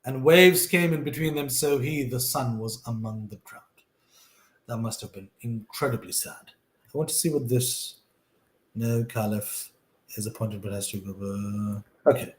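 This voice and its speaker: A man reading scripture aloud and commenting on it in an earnest, animated way, talking straight to the listener. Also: mid-range voice, measured pace, reverberant. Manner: earnest, animated, talks to the listener directly, repeats himself.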